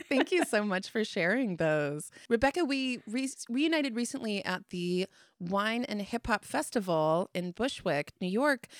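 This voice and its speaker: A woman's voice: mid-range voice, no echo, studio quality. A woman hosting a podcast, asking curious questions of her guest. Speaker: podcast host. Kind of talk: interview questions.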